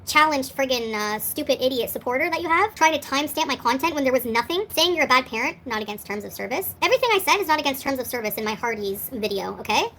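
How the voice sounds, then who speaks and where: A woman in her forties rants defiantly and sarcastically on a livestream, replying to chat as she goes. Her voice is high and fairly bright, and the rough recording carries slight background noise.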